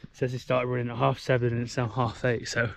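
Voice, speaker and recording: A man narrates his travel vlog in a chatty, conversational way, explaining plans as he goes. His voice sits at an ordinary middle pitch. The handheld camera audio carries clear outdoor background noise. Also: monotone, fast talker. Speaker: travel vlogger. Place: outdoors in a mountain park.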